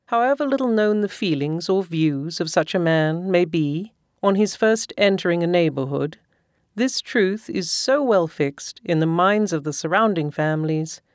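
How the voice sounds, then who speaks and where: A woman narrating a classic novel as an audiobook in a measured, expressive reading. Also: fairly low pitch, dry recording. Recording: dry close recording.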